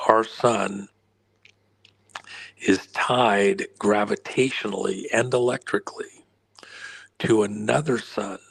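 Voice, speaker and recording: A man being interviewed as a guest, explaining at length while losing his voice, often clearing his throat and pausing on fillers. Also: on the low side, low-quality recording. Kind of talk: rambling explanatory interview answer.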